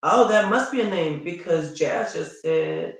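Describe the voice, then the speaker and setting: Woman from Chicago, casual vlog chat, animated storyteller, slow unhurried delivery, recorded at a distance. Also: creaky. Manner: animated storytelling, quick pitch swings, laughs often. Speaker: vlogger. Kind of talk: casual chat reading viewer comments. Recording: roomy and distant from the mic.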